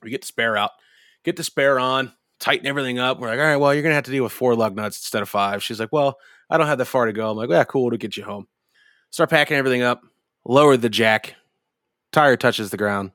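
Here a male podcast co-host with a mid-range, fairly bright voice speaks at a quick pace. He tells a meandering, foul-mouthed story in a relaxed conversation, captured dry and at studio quality.

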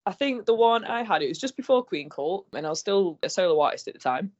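A woman's voice: medium pitch, fast talker. A woman, a musician telling stories in a casual interview and acting out the voices of the people she quotes. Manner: animated storytelling, acts out quoted voices. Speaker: guest musician. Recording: dull lo-fi recording.

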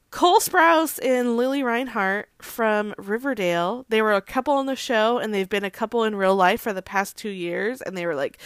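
A chatty woman hosts casual celebrity gossip and fills her talk with "like," swearing and laughing asides. Her voice sits at a middle pitch. It sounds dry and close to the mic. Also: fairly bright tone, smooth, no room sound. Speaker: host.

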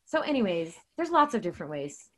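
A woman's voice: lowish voice, sing-song, fairly quick. A woman guest and author talking casually about faith, earnest and chatty, with many fillers and restarts. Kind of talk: casual faith talk with storytelling.

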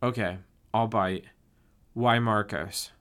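A man reading the lines of his sarcastic young male friend in a first-person story, a little higher and drier than his narration. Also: fairly even intonation, slow pace, a bit bright, clean tone. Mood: questioning. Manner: dry, sarcastic questioning. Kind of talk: audiobook character voice.

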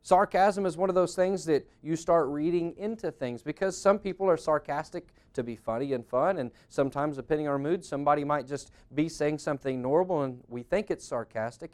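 A man's voice: a little high, normal speed. A middle-aged man preaching a conversational sermon on marriage, earnest and plain-spoken, often acting out what spouses say. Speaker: pastor.

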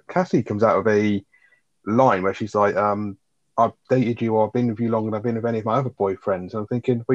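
A man's voice: fairly low pitch, darkish tone. A man co-hosting a casual chat about a sitcom episode, rambling with fillers and the odd swear. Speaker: podcast co-host. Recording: dull lo-fi sound.

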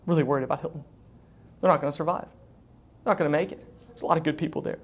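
A man's voice: a little high, very fast, breathy edge, pitched above the performer's own voice. A man putting on a fretful, near-tearful wealthy male financier, pleading in a mock-sorrowful way. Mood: mock worried.

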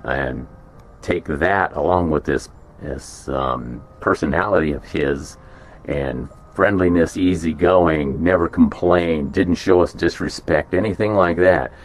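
Deep-voiced ex prison guard guy rambling thru a story, lots of uhs. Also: a little slow. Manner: rambling, many fillers and restarts. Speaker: former prison officer. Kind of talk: casual storytelling.

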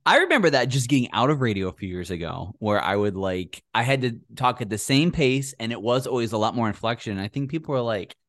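A woman's voice: very deep voice, sing-song, fast talker, few pauses, no room sound. A woman, a former radio host, co-hosting a casual podcast with a playful manner, lots of inflection and frequent laughter. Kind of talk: casual chat.

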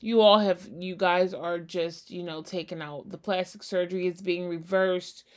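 A woman's voice: on the low side, steady tone, normal speed, darkish tone. Sassy lady hosting her own gossip podcast, blunt, cusses a lot, talks right at whoever she's roasting. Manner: sassy, blunt, talks straight at the person discussed; swears freely. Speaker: podcast host. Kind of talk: casual solo celebrity gossip chat.

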